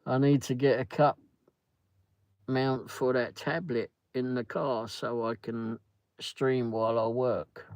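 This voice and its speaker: A man's voice: mid-range voice, little pitch movement, takes it slowly, darkish tone, dry recording, low-quality recording. A man hosting a casual livestream, rambling through a story and greeting viewers by name. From Britain. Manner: rambling, chatty, reads viewer comments aloud. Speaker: livestream host.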